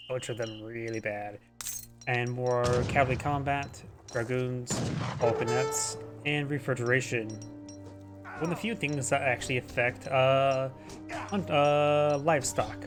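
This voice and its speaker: A man casually commentating a strategy game replay, rambling and tripping over unit names. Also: medium pitch.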